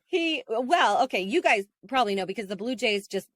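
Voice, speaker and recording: Woman, podcast co-host, lively high voice, casual storytelling, dry close sound. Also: a little fast, no echo. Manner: animated storytelling, laughing often. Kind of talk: casual chat.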